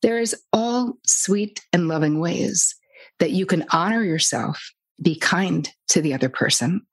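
A woman guest talking about codependency in a blunt, lively, casual way, sometimes swearing lightly. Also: on the low side, measured pace, husky. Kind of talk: casual storytelling interview.

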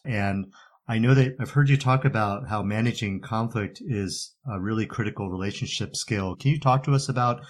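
A man hosting a podcast, asking a guest questions in a measured, curious way. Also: lowish voice. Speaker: podcast host. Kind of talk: podcast interview.

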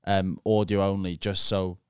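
A British musician guesting on a podcast, talking in a low-key, hesitant way. His voice sits low and smooth. The recording is dry. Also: flat delivery, normal speed, no echo. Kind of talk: casual chat.

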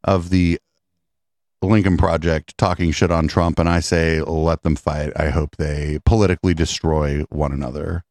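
A man with a very low voice hosts a casual podcast, sardonic and profane in his asides. The sound is dry and close, with no room echo. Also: steady tone, normal speed, a little mellow. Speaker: podcast host. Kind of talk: casual political chat.

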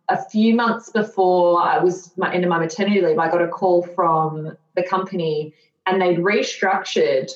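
A woman in her thirties, a guest telling her own story candidly, reflective and earnest with flashes of self-mocking sarcasm. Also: fairly low pitch. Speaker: podcast guest. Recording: dull, roomy lo-fi recording.

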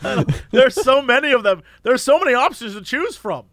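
Very high-voiced, animated storytelling man. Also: a little fast, no room sound, clean studio sound. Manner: animated, laughing often. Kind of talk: casual chat and storytelling.

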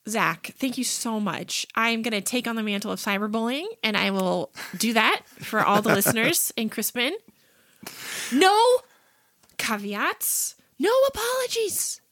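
A woman in her thirties co-hosting a casual podcast, animated and teasing with a theatrical edge. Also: on the high side, moderate pace, few pauses, no room sound. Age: 30s. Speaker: podcast co-host. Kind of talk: casual chat.

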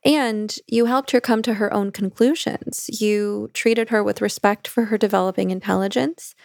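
A woman interviewer reflects back on her guest's story in measured, affirming sentences. Her voice has a gravelly edge at a middle pitch. The recording is dry and close. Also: fairly even intonation, a little mellow, no room sound.

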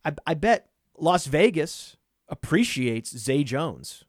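A man co-hosting a casual podcast, talking excitedly and rattling off lists of names and numbers, often laughing at himself. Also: a little high, slow, no room sound, clean studio sound. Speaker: podcast co-host.

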